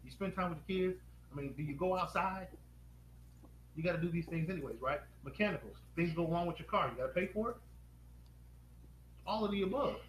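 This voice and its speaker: A man hosting a live stream pitch, upbeat and quizzing viewers with rapid questions. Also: expressive. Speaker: host. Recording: echoey room with faint noise.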